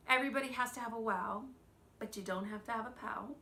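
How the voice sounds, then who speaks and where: A woman in her thirties leads a children's church lesson, gentle and expressive as she asks the kids questions. Her voice runs on the high side, and she speaks quickly.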